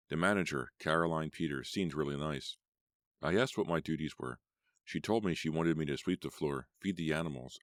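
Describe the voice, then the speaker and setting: Brief: male audiobook reader, extremely low voice, dry close sound, measured telling. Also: no room sound. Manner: measured storytelling. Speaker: audiobook narrator. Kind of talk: first-person horror audiobook narration.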